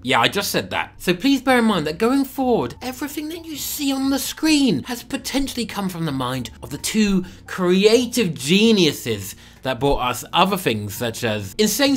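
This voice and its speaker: A man's voice: high voice, huge pitch swings, moderate pace, hardly any pauses, soft background music. Sarcastic young man reviewing a film. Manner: sarcastic, swearing, playful asides. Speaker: movie reviewer. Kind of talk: comedic movie review commentary.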